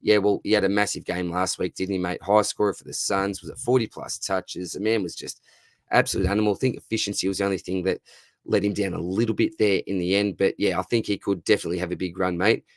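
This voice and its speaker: An Australian man hosting a casual livestream Q&A, hoarse from losing his voice, chummy, calling everyone mate and brother. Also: low voice, steady tone, fast, dry recording, clean studio sound. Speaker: livestream host answering viewer questions.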